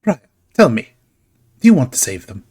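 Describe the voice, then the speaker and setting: A man's voice: medium pitch, very animated, moderate pace, darkish tone, pitched above the performer's own voice, natural voice. A man putting on a flamboyant, sing-song showman. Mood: gleeful. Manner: theatrical, sing-song, grandly playful. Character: flamboyant whimsical male showman, gleeful and teasing. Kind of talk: voicing a character in a tabletop game.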